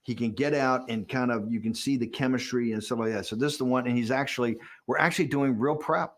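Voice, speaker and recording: Speaking quickly in a steady, medium-pitched voice, a sixty-something interview guest gives a candid documentary account. He animates his story by performing the lines of dialogue he quotes.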